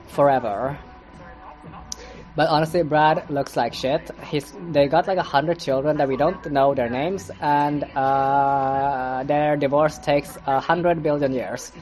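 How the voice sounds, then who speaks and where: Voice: medium pitch, darkish tone. Solo podcast host, casual and profane, sarcastic, stumbling through restarts. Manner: rambling with stammers and restarts. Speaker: podcast reviewer. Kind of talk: casual commentary monologue.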